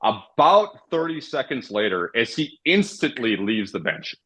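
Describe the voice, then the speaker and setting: A man's voice: mid-range voice, a little slow, slightly rough, rough recording. A man, a former hockey referee, telling casual, profane stories as a podcast guest. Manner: profane, animated anecdotes. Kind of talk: casual storytelling.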